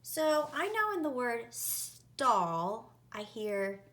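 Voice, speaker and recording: A woman teacher leading an early-reading spelling lesson, sounding out words and letters deliberately. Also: on the high side, very animated, a bit bright.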